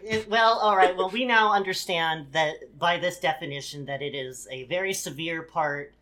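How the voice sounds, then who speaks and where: A woman co-hosting a comedy podcast, reading definitions aloud and breaking off with quick sardonic asides. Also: lowish voice, a bit bright. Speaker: podcast co-host. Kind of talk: comedic reading and riffing on online posts.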